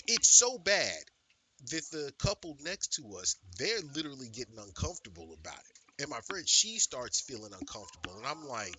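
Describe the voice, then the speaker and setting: A male streamer telling a story in a casual, animated and profane way, with lots of emphasis. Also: medium pitch, normal speed, a little hiss or hum, low-quality recording.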